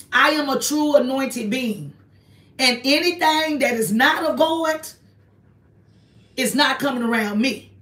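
Woman, higher voice, emphatic preaching tone, repeats herself, echoey room, a step off the mic. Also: fairly bright tone, recorded from a distance. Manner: emphatic and repetitive, preaching to viewers. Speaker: online ministry host. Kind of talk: casual livestream talk to viewers. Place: small home apartment, indoors.

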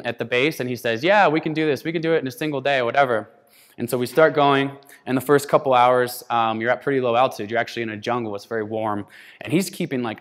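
Man telling a story in a reverberant hall. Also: mid-range voice. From United States. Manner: animated storyteller, acts out quoted dialogue. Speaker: keynote speaker. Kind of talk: storytelling keynote talk.

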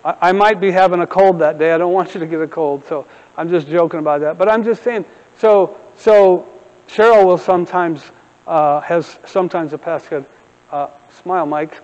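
Middle-aged male pastor, humorous sermon storyteller; high voice, dull lo-fi sound. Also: normal speed, in a large hall. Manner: humorous storytelling, animated asides. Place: church sanctuary.

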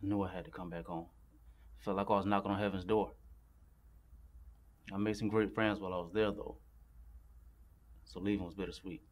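A man plays a young veteran back from war, with a lowish, steady voice. He speaks calmly and thoughtfully about his time away. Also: a little fast, long pauses, close to an everyday voice. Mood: reflective. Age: young adult. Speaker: army veteran.

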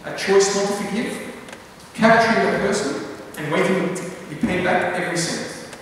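A youth speaker with a voice that sits high and a fairly bright tone talks at a moderate pace in a very echoey church hall, recorded from a distance with slight background noise. His talk is conversational; he often checks that listeners follow and repeats words when restarting sentences.

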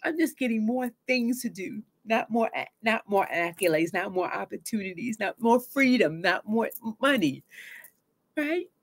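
A woman therapist talking casually to camera about grief and letting go, acting out inner voices with sudden swings in pitch and loudness. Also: expressive, normal speed. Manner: conversational, casual slang.

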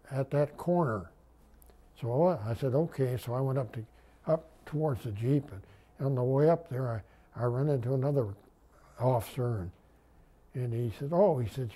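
An older veteran recounts his memories in a loose, folksy way, often stopping to restart a sentence. His voice is mellow and dark, with a husky edge. He sits at a middling pitch for a man. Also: normal speed. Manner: rambling, folksy, many restarts. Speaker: WWII veteran interviewee. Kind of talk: oral history storytelling.

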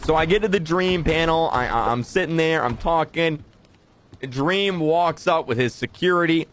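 A man streamer recapping an event in a rambling, excitable way, with bursts of shouting. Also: a little high, normal speed.

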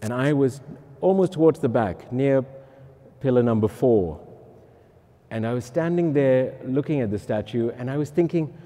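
Mellow-voiced man telling a story in an echoey hall. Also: medium pitch, moderate pace. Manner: lively storytelling with self-mocking asides. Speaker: priest. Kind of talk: personal testimony talk.

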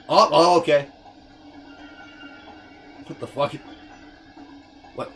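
A young man giving casual gameplay commentary, fast-talking, swearing, often stumbling over words. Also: fairly high pitch, animated, a bit bright, faint music behind. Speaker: let's player.

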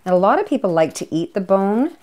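A woman's voice: medium pitch, very animated, fast talker, darkish tone. A woman hosting a comic cooking demonstration, talking to camera in a playful, chatty way with jokey asides and little cheers. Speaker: cooking show host, home economist.

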